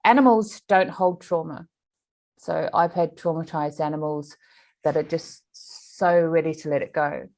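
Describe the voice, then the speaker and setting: A woman, an animal communicator, telling a story in an interview in an animated way, with frequent restarts. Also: deep voice, unhurried.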